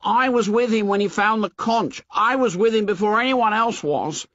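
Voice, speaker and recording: A man reading an audiobook and voicing a whiny, anxious plump schoolboy in a high, pleading voice. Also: normal speed, a bit bright, dry recording, dull audio. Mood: hurt, pleading.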